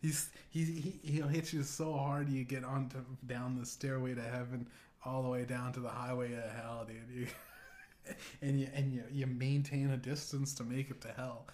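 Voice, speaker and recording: A man's voice: medium pitch, level tone, moderate pace, darkish tone. Rambling, profane male podcast host. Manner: rambling, profane, full of restarts and filler. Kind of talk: rambling comedic monologue.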